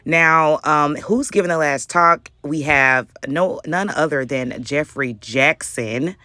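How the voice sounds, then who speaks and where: A woman vlogger telling a story in a casual, animated, slangy way with frequent laughter. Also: low voice, slow pace, no echo, clean studio sound. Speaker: YouTube vlogger. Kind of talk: casual commentary vlog.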